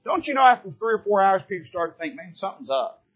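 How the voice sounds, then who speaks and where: A male pastor with a high, slightly husky voice delivers a sermon from the pulpit. He drops to quiet, low asides and then climbs to loud, emphatic peaks. The recording is dull and lo-fi, like an old church tape. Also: lively intonation, fast talker. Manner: dramatic preaching, swings from soft low asides to loud emphatic rises.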